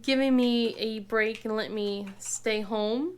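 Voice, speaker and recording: A chatty woman in her thirties with a slightly high voice tells family stories in a relaxed, casual way. She laughs often and acts out what everyone said. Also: slow, smooth. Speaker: craft vlogger. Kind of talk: casual chat while crafting.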